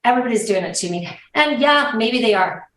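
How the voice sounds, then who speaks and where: Woman host thinking out loud, lots of restarts, sounds like she's in an echoey room. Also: a little high, animated, fairly quick. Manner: reflective, hesitant, many restarts. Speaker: host, interviewer. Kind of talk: conversational interview.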